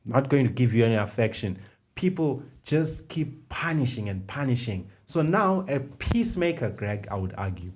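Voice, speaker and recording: Medium in pitch and a little mellow, this man's voice has lively intonation and a moderate pace. He's a middle-aged co-host on a faith podcast, working through ideas one step at a time and coming back to key phrases in casual conversation.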